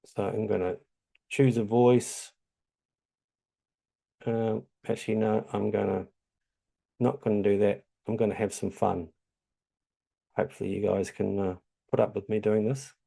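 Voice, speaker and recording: This New Zealand tutorial host keeps things chatty and loose while screen-sharing, with plenty of ums. He speaks in a lowish, level, warm voice that is husky and creaky, taking his time and leaving long pauses.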